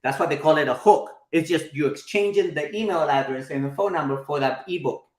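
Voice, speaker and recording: A man's voice: fairly high pitch, a little fast, darkish tone, roomy sound. A man in his forties teaching a live workshop, chatty, often checking in with his listeners. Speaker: marketing instructor.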